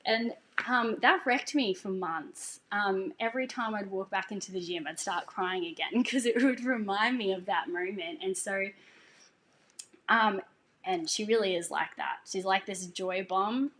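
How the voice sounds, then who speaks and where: A woman's voice: medium pitch, measured pace, a bit bright. Earnest woman sharing a faith story. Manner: earnest and emotional, laughing as she talks. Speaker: singer sharing a testimony. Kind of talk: casual personal testimony.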